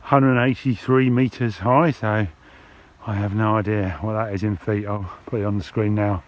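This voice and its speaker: A man talking casually to his camera while hiking over hills outdoors, relaxed and chatty, sometimes out of breath from the climb. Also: fairly low pitch, normal speed, slight background noise. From England. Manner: relaxed, chatty, thinking aloud with fillers. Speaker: hiking vlogger. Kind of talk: casual walking commentary to camera. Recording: dull lo-fi sound with music behind. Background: background music.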